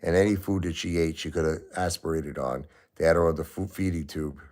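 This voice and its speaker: A man hosting a livestream, grieving and halting as he talks, often repeating himself. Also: very deep voice, steady tone, darkish tone. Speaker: livestream host. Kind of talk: emotional livestream talk.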